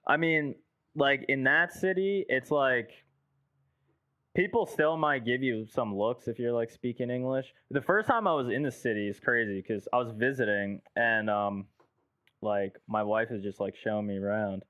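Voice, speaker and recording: A man's voice: medium pitch, moderate pace, a bit bright, no room sound. A man from the United States, a guest producer in casual podcast chat, telling stories loosely with lots of "like" and casual swearing. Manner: loose storytelling, heavy filler "like", swears casually. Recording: dull lo-fi dry sound.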